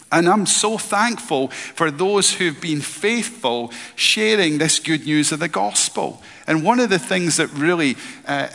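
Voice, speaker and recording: A man's voice: fairly high pitch, bright, forceful tone. A middle-aged man from Scotland preaching a sermon and sharing his personal testimony with earnest, repeated emphasis. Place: church hall. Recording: long echo in a large hall.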